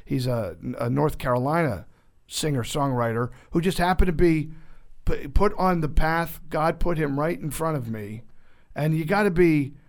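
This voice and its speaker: A man being interviewed, telling joking anecdotes in a casual, animated way, often interrupting himself mid-sentence. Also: a little high, normal speed. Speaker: actor guest.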